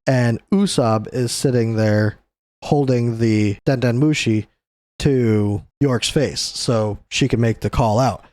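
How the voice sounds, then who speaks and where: A man's voice: mid-range voice, darkish tone, dry recording. A young adult man hosting a casual comic chapter recap, talking loosely and chuckling often. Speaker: host.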